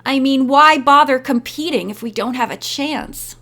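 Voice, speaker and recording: A woman's voice: sits high, normal speed, sharp tone. A woman voicing a disgusted, discouraged young woman model.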